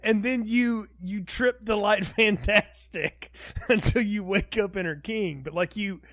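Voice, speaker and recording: A man co-hosting a film review podcast in casual chat, animated and laughing often as he acts out quotes. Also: high voice, a little slow, no echo, studio quality. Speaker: podcast co-host.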